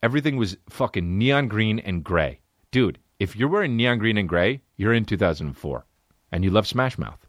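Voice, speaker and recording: A man's voice: lowish voice, lively intonation, moderate pace, no room sound, clean studio sound. A man hosting a solo comedy podcast, ranting and riffing with profane, exaggerated stories. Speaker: podcast host.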